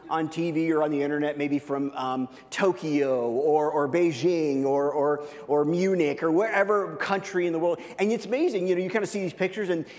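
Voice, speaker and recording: A man in his thirties preaching a sermon, telling a personal story with lively, animated voice jumps. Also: high voice. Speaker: pastor. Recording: long hall reverb.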